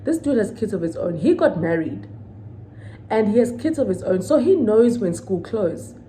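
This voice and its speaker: Woman, thirties, venting vlog, emphatic, repetitive, mellow tone. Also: medium pitch, big pitch swings, normal speed, slight background noise, low-quality recording. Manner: indignant, emphatic, repeats points, asks the viewers questions. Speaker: vlogger. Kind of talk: venting storytime to camera.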